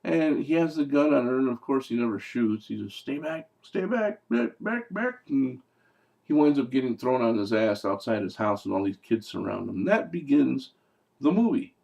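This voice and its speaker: A man's voice: medium pitch, animated, normal speed, vocal fry, darkish tone, muffled recording. A man reviewing a movie in casual talk, sarcastic and profane, with rambling asides.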